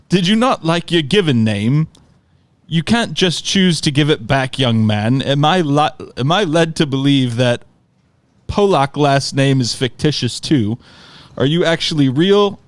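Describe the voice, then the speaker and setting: A man's voice: medium pitch, no echo, lightly acted. A man voicing his pompous uncle from London, in a haughty mock-formal put-on London accent. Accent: London English, put on. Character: pompous posh older Englishman, uncle.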